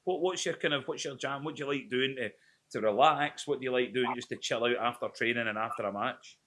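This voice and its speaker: A man's voice: medium pitch, fast, fairly bright tone. A man interviewing a football player in a jokey, chatty, teasing way. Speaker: club media interviewer. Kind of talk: casual interview chat.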